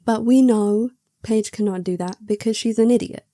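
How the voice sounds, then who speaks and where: A woman's voice: mid-range voice, normal speed, mellow, no echo, clean studio sound. A young woman reviewing a book in casual chat, sarcastic and chatty, acting out the characters' lines.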